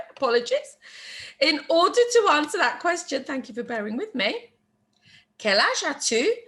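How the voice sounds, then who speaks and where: A woman teaching a beginner French lesson, repeating phrases slowly and patiently, with chatty asides and quick apologies. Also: sits high, pushed and bright.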